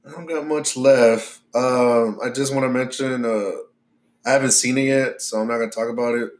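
A man co-hosts a casual podcast chat. He sounds relaxed, leans on "like" fillers and swears freely. His voice sits in an ordinary middle pitch. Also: normal speed. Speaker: podcast co-host.

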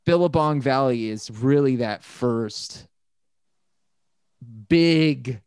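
A man talking casually about music, rambling and swearing, and he gets animated when excited. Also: mid-range voice, extremely slow, clean tone, no room sound, studio quality.

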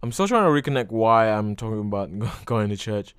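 A man's voice: fairly low pitch, very animated, a little fast, clear, resonant tone, no echo, clean studio sound. A young man hosting a casual solo podcast, rambling loosely with lots of fillers and frequent swearing. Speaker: podcast host.

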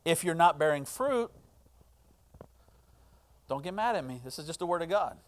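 A middle-aged male pastor delivering a sermon, swinging between hushed, earnest lines and loud, impassioned ones. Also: fairly high pitch, lively intonation, moderate pace.

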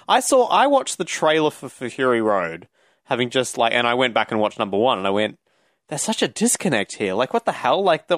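Excitable man, high lively voice. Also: dry recording, clean studio sound. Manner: eager, excitable, quick bursts with laughs. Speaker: podcast co-host. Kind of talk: casual film discussion.

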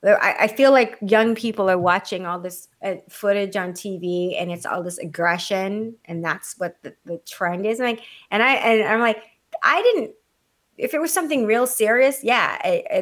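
An adult woman telling a story in casual chat, blunt and animated, swearing freely, with a condescending edge she admits to. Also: mid-range voice, moderate pace, hardly any pauses. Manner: self-described condescending.

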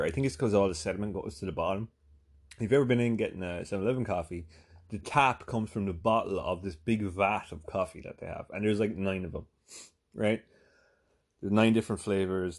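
A man with a fairly low, slightly mellow voice tells a long, casual anecdote. He rambles and swears, packing his speech with fillers.

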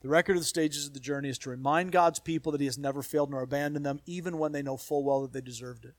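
A man preaching a sermon as pastor, building emphasis through repeated phrases and dropping to quiet asides. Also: a little high, fairly even intonation, rapid-fire, no room sound.

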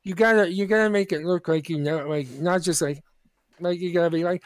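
A man's voice: sits high, fairly even intonation, brisk, dry recording. A man co-hosting a podcast, telling rambling anecdotes in casual chat. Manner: rambling anecdotes with many restarts. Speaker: podcast co-host.

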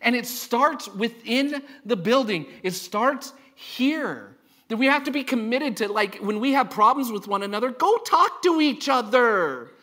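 Male pastor, casual sermon delivery, rhetorical questions to the room, bright tense tone. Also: very high-pitched, expressive, unhurried. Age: adult parent of a young child. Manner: conversational and joking, asks the congregation rhetorical questions. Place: church.

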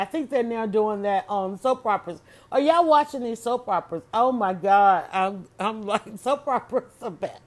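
Animated woman, higher-pitched voice. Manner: animated, exclamatory, many restarts. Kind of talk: casual solo chat.

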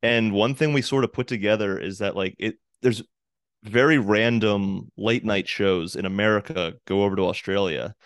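Man, podcast co-host, chatty storyteller, lots of fillers, lowish voice, dry sound. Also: normal speed, no room sound. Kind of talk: casual podcast chat.

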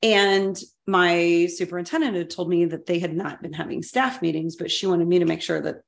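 A middle-aged woman talks through an old work story on a casual podcast. Her voice sits a little low, and she is candid and ready to laugh at her own mistakes. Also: steady tone, normal speed, vocal fry, roomy sound. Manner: candid, self-deprecating, laughs at herself. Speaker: podcast co-host, former school superintendent.

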